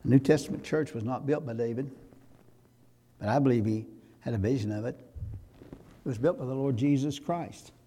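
A pastor, preaching a sermon that rises to loud, fervent exhortation. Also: male voice, medium pitch, normal speed, long pauses, slightly rough.

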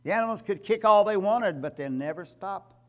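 A man preaching a sermon, emphatic, building to loud repeated climaxes. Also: high voice, expressive, normal speed.

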